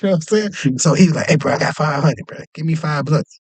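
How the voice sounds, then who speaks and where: A young man casually telling a long, animated story, jumping up in pitch whenever he acts out other people's lines. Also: a little fast, slightly rough, dry recording. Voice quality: animated, acts out quoted voices with jumps in pitch. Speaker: podcast host.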